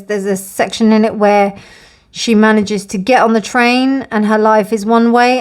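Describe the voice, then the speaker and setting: A woman giving a pick-a-card tarot reading, chatty and rambling, calling her viewers "my darlings". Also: on the high side.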